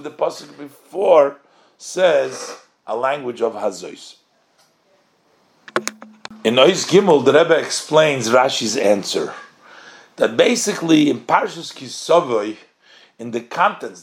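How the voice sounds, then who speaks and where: A man teaching a religious text study lesson, reading short Hebrew phrases and translating them line by line, asking and answering his own questions. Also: on the high side. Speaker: Torah teacher.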